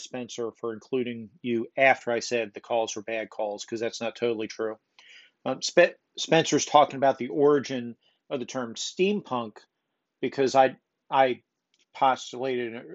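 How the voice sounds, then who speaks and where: Rambling male podcast host, lo-fi sound. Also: mid-range voice. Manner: rambling, self-deprecating, many ums. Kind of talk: casual podcast talk. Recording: dull lo-fi recording.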